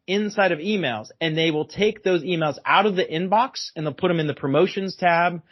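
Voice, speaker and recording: A man appears as a guest expert in a podcast interview, explaining at length and emphatically repeating his key phrases. His voice sits high and he speaks briskly, in dull lo-fi sound.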